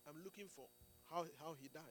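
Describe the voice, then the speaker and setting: A man's voice: a little high, brisk, a little hiss or hum. A man preaching a sermon in an emphatic way, often restarting phrases and checking in with the congregation. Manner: emphatic, with frequent restarts and "Amen"s and "Do you get it?".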